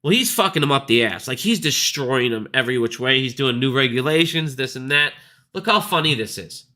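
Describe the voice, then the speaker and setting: A man hosting his own stock market video rants casually, blunt, profane, and scornful. His mid-range voice is expressive, brisk, pushed, and bright.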